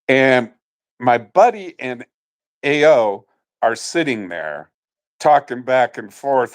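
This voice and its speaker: A middle-aged man spinning stories in a relaxed interview. His voice sits at an ordinary pitch, and he turns animated as a story builds, often breaking into laughter. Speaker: interview guest.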